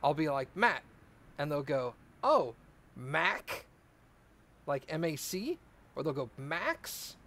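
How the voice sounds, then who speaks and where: A man's voice: a little high, expressive, normal speed. A man streaming a car repair game, chatting casually and joking with his viewers in a rambling way. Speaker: let's play streamer. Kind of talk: casual gameplay chat.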